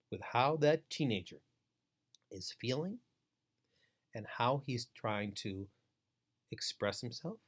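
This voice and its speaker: A middle-aged man delivering a webinar lecture as a foster care trainer, emphatic and repetitive, driving each point home. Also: mid-range voice.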